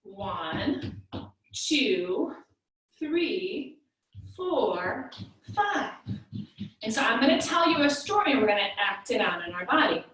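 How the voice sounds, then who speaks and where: A woman's voice: fairly high pitch, big pitch swings, slow pace, pauses often, fairly bright tone. Sing-song woman teaching toddler yoga. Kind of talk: playful kids yoga class with caregiver. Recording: echoey room, mic far off.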